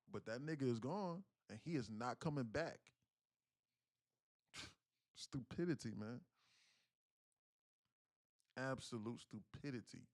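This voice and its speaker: A man in his thirties rants through a family story on his livestream. He is profane and emphatic, keeps restarting his sentences, and speaks at a middle pitch. The sound is dry and close. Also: a little mellow, no room sound. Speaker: day trading livestreamer.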